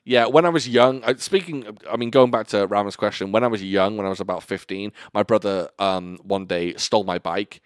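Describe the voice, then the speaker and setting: A man's voice: lowish voice, brisk, few pauses, clear, resonant tone, no room sound, clean studio sound. A man co-hosting a podcast, chatting casually and telling rambling, self-amused stories. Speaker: podcast co-host. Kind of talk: casual chat.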